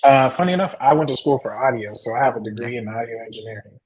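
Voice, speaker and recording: A young man from Texas and Arkansas, guesting on a podcast. His voice is a bit husky and sits at a mid pitch. He talks in a laid-back, easygoing way with dry humor. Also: fast talker, low-quality recording. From Texas and Arkansas, USA. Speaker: guest, videographer and photographer. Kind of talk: casual interview chat.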